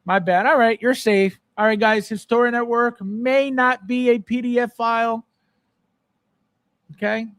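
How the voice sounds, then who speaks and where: High-voiced ranting male host. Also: steady tone, unhurried, fairly bright tone, clear, resonant tone, no echo, clean studio sound. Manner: exasperated, ranting, repeats himself. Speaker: podcast host. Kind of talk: live-stream chat with viewers.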